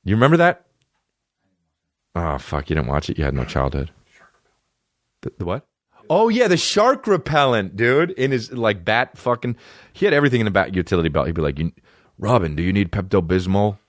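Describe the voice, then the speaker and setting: A low-voiced man rambles through a comedy podcast, swearing freely and lurching between swooping highs and lows. The sound is dry and close, with little room around him. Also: huge pitch swings, a little fast, long pauses, dry recording. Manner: profane, rambling, jumps into goofy voices. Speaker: podcast host. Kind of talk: casual comedic chat.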